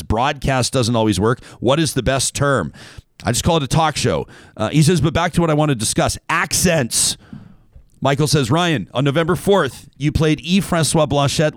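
A man's voice: medium pitch, no room sound, clean studio sound. A man hosting a casual talk show, reading out a listener email and wandering off on tangents.

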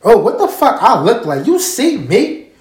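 A man casually telling a story straight to his listeners, animated and profane, often checking that they follow him. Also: very high voice, measured pace. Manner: animated, profane, keeps asking listeners to agree. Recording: roomy echo.

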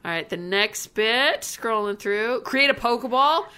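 A woman from Canada co-hosts a relaxed chat with a bright, forward tone. She is excitable, laughs often and leans on slang. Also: a little high, measured pace, smooth. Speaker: podcast co-host. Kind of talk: casual chat.

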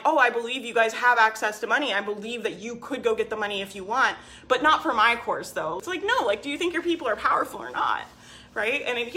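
A business coach on a live stream speaks in a slightly high, bright, forceful voice, casual yet persuasive. She hammers her points with constant "like" and "right?" and replies to viewer comments by name.

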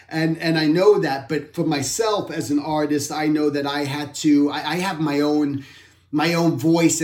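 A man's voice: a little high, a little mellow. A man giving an informal art talk, reflective and rambling, often correcting himself mid-sentence. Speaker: art instructor. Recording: roomy echo.

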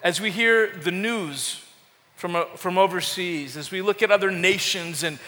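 A man's voice: high-pitched, normal speed, sharp tone. A man preaching a sermon as pastor, impassioned, with repeated words and rising calls to the congregation. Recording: long hall reverb.

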